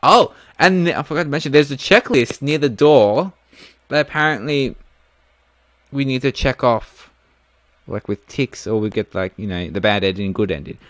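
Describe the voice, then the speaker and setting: Male let's-player, casual and chatty, lively pitch, dry close mic. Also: moderate pace, no echo. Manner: thinks aloud, casual, swears. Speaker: gaming video host. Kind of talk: casual let's-play commentary.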